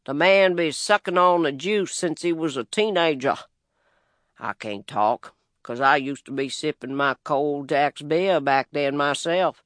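A man with a Southern US accent tells a first-person story in dialect, wry and plainspoken. He takes his time, and his slightly high voice sounds smooth and resonant. It is a close, dry studio recording. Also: expressive, measured pace, a bit bright, no room sound. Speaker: narrator. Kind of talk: first-person audiobook narration.

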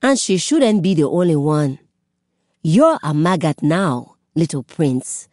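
Woman doing a defiant young girl, cold and taunting, low and slow. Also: sing-song, a little mellow, no echo, clean studio sound, heavily acted.

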